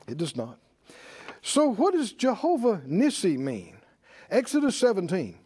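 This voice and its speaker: A man preaches a sermon with a high-pitched voice. He talks in rhythmic call-and-response, rising to bursts of emphasis and then dropping low and soft. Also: wildly swooping pitch, unhurried, husky.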